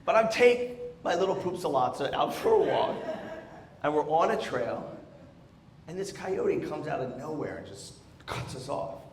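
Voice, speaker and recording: Animated stand-up comedian man. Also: on the high side, moderate pace, slight background noise. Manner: animated, exasperated storytelling. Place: theatre stage. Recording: roomy theatre echo.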